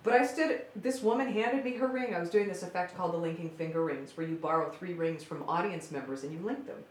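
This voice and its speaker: A woman stage magician chatting casually as a podcast guest, telling stories with lively acted-out voices. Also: lowish voice, quick pace. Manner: animated storyteller who acts out quoted voices. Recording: roomy with faint background noise.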